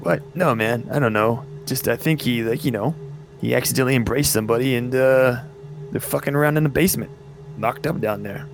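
A man with a gravelly voice running a tabletop role-playing game, hesitating and rambling as he describes the scene. Quiet music plays behind. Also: medium pitch, fairly quick. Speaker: game master.

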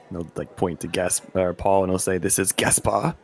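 A man playing a tabletop game, describing his character's actions in a halting, hesitant way with many fillers. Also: low-pitched, fairly even intonation, creaky, breathy edge. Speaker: player.

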